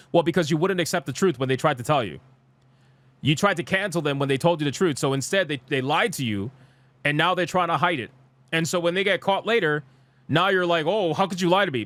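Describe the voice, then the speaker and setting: Ranting young man, fairly high voice. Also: fairly bright tone, no echo. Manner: blunt, exasperated ranting with profanity; reads comments aloud. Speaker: streamer. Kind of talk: live gaming news commentary.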